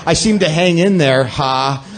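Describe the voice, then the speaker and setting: On the high side and a little slow, this man's slightly raised voice rants through a comic monologue before a live audience. The podcast host comes across as sardonic and self-deprecating.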